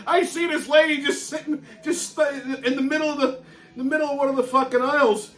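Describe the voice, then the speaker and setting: High, bright-voiced man ranting. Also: steady tone, a little fast. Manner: blunt, heavily profane; laughs through his own stories. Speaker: show host. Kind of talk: ranting monologue.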